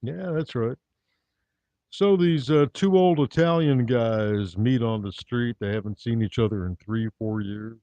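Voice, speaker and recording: A man doing live-streamed stand-up comedy, delivering wry, rambling one-liners in a deadpan manner. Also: medium pitch, a little slow, dry recording. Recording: dull dry lo-fi recording.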